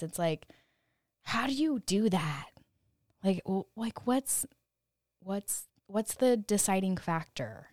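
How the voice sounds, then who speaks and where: Chatty woman with a smooth voice. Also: medium pitch, animated, moderate pace, dry recording, clean studio sound. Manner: rambling, candid, heavy on "like" and "you know"; swears freely when quoting her younger self. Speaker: podcast host. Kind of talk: casual solo podcast monologue.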